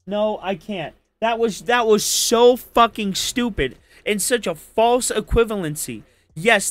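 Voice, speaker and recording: Man in a heated political argument, high voice, profane and insulting, dry close mic. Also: fairly bright tone, dry recording. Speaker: debate participant.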